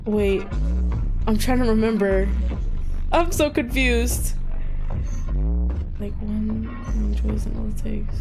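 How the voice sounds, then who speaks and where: A woman's voice: medium pitch, flat delivery, measured pace, vocal fry, music in the background. A woman streaming a game, chatting to her viewers and reacting with frustration as she plays. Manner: frustrated, talks to chat, self-deprecating. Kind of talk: gameplay commentary.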